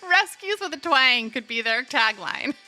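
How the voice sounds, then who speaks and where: Woman, podcast co-host, casual chat, laughs often, bright voice, slightly high pitch. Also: unhurried. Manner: animated, laughs often, emphatic.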